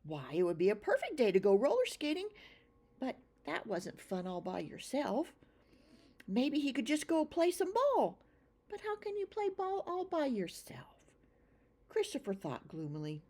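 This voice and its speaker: Breathy woman reading a children's story. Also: mid-range voice. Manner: expressive, slow read-aloud.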